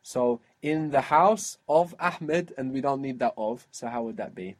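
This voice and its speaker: In a one-on-one spoken language lesson, a man with a medium-pitched voice teaches patiently, explaining and modelling words slowly.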